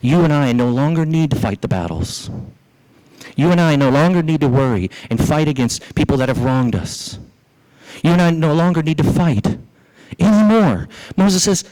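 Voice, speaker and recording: A man pastor preaching a sermon in a church, asking rhetorical questions, with his voice leaping up in pitch as he drives his points home. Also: big pitch swings, normal speed, darkish tone, low-quality recording.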